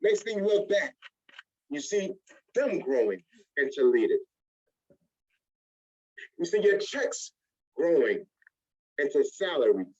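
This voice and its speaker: Man, motivational trainer, high lively voice, dull lo-fi sound. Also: slow pace, pauses often, husky. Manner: animated, acts out little scenes in other voices. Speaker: network marketing trainer.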